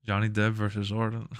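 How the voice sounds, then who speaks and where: A man streaming live, chatting casually in a relaxed, rambling, slangy way into a close mic. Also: lowish voice, gravelly, dry recording.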